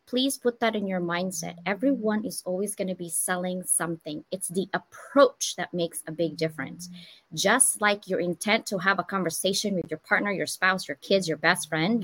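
A woman in her forties hosts a casual live stream, talking in an animated, playful way and laughing often. Her voice sits at an ordinary pitch, and the sound is dry and close, with no room echo. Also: moderate pace. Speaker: host of a live online talk show.

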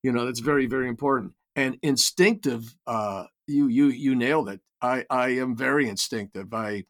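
Older man telling stories, halting. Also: medium pitch, a bit bright. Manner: reflective storytelling with many restarts. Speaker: guest, writer and creator. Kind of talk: casual interview chat.

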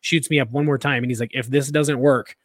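A man co-hosting a podcast, telling a story in a casual, animated, rambling way full of restarts and laughter. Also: medium pitch, a little fast, no echo. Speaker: podcast co-host.

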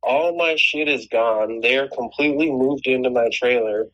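A man's voice: mid-range voice, moderate pace, a bit bright, dull audio. A man telling a long personal story in casual chat, rambling and swearing, with many restarts. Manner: rambling, profane, frequent restarts.

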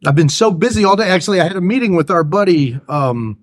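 A man's voice: high-pitched, animated, fast, no room sound, clean studio sound. A man co-hosting a podcast, easygoing and agreeable, who sometimes loses his train of thought. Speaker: podcast co-host. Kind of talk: casual chat.

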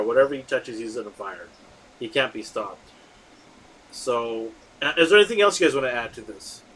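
A man hosting a casual movie chat, excitable and rambling, with lots of fillers and restarts. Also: medium pitch, breathy edge, rough recording. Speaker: podcast host.

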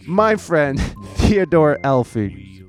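A man hosting his own podcast and stream in loose, casual chat. His voice sits a little high, and he trips over his words and restarts them as he jokes along. Soft music plays faintly behind him. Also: very animated, extremely slow. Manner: rambling, self-interrupting, profane and jokey.

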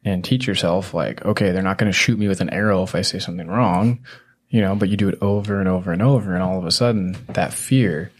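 Man, very deep voice, podcast host, rambling, teasing, filler-heavy. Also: quick pace. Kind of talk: casual conversational explaining.

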